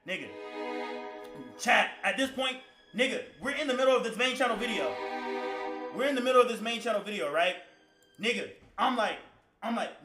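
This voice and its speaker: A man live streaming, telling a story to his chat in a profane, slang-heavy, rambling way that flares into shouting. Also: sits high, lively intonation, normal speed, long pauses, reverberant, soft background music.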